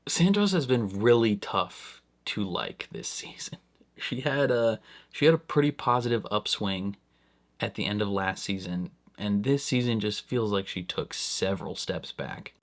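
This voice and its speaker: Low-voiced man rambling a TV reaction. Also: measured pace. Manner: rambling, filler-heavy, animated bursts. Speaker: reaction channel host. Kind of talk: casual spoken TV reaction.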